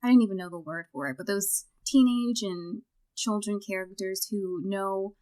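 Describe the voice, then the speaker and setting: A woman co-hosting a film podcast in casual chat, with a medium-pitched voice. She talks in an animated, enthusiastic way and often stops to restart her sentences. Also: normal speed. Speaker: podcast co-host.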